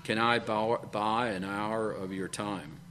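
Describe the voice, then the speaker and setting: A man's voice: on the low side, slow pace, background noise. A preacher putting on a small pleading boy. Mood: hopeful. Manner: timid, pleading. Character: five-year-old boy pleading with his father.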